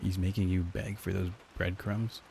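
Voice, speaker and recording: Young man, low voice, fry-heavy, loose profane streamer chat, desk mic. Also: level tone, normal speed, dark tone, a little hiss or hum. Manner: loose and profane, lots of "like" and "dude". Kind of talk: casual chat with live chat.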